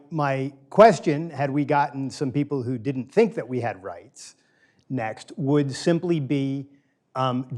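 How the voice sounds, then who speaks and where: A man's voice: medium pitch, darkish tone. A middle-aged man lecturing a small group in a room. His talk is loose and conversational, and he repeats key phrases to drive them home. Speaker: guest lecturer. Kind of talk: informal philosophy lecture. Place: small room with a live audience.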